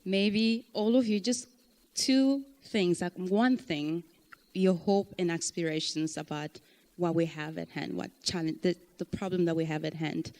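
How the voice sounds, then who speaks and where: A woman's voice: lowish voice, unhurried, a little mellow. A woman moderating a panel discussion, encouraging and summing up. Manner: encouraging, wrapping up.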